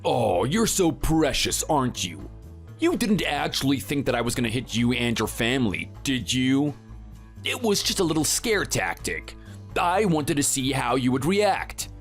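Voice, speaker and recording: A boastful muscle-bound bully, voiced by a man in a texting story. He taunts and sneers in a lively, rising and falling voice. Faint music plays under the read. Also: mid-range voice, a little slow. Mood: taunting. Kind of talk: text-to-speech texting story.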